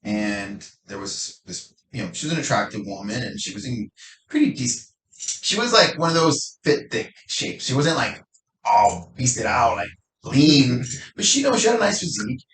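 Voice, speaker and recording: A man's voice: mid-range voice, big pitch swings, moderate pace, a bit bright. A man, a fitness coach, telling stories in a loose, casual, sometimes profane way. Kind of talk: casual conversation. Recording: echoey room, faint noise.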